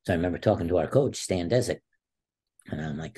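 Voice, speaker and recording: A man's voice: sits low, lively intonation, fast, mellow, breathy edge. A man in his sixties, a former wrestler and teacher, telling stories as a podcast guest and acting out the people he quotes. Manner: vivid storyteller who acts out quoted voices. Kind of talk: storytelling interview talk.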